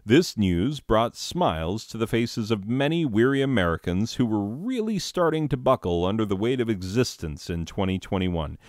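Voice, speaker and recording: A man's voice: lowish voice, very animated, normal speed, few pauses, darkish tone, no echo, clean studio sound. A man presenting a mock year-in-review with sarcastic, rambling, exasperated rants. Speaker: comedy video host.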